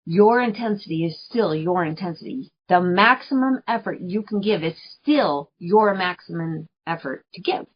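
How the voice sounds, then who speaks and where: A woman's voice: fairly low pitch, expressive, moderate pace, hardly any pauses. A woman hosting a podcast, talking earnestly in a chatty coaching monologue, laughing often and repeating phrases for emphasis. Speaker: podcast host. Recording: dull lo-fi recording.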